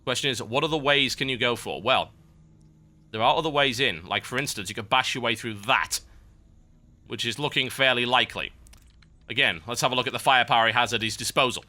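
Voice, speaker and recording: Young british guy casting a match, quick wry play-by-play, really bright sharp voice. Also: mid-range voice. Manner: brisk, wry, chatty asides. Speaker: esports caster. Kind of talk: live game commentary.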